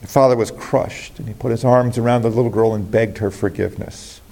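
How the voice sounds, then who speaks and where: A man's voice: mid-range voice, steady tone, fairly quick, gravelly, mellow. A man preaching a sermon as a pastor, earnest and rising to emphatic exclamations.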